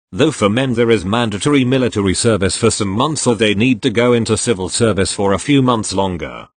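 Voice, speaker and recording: A male narrator reading posts aloud in a matter-of-fact way and spelling out each abbreviation. His voice is fairly low but moves a lot in pitch. The recording is dry and close, with no room sound. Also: dry recording. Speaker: story reader. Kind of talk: scripted narration of online posts.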